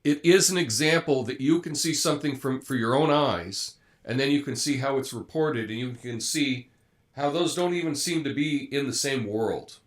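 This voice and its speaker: A man's voice: mid-range voice, normal speed. A man hosting a live commentary show, talking through the news in a conversational way, with frequent fillers and restarts. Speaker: host.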